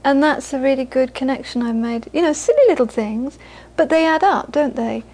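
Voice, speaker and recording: A woman's voice: high voice, animated, moderate pace, darkish tone. A woman teaching a group in a casual, chatty, anecdotal way, often laughing as she talks. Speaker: meditation teacher. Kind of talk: casual spoken teaching talk.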